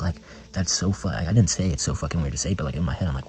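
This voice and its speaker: A man's voice: rumbling low, fast, darkish tone, low-quality recording. A young man vlogging a casual story in a rambling, slangy way, swearing often and using lots of filler words. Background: background music.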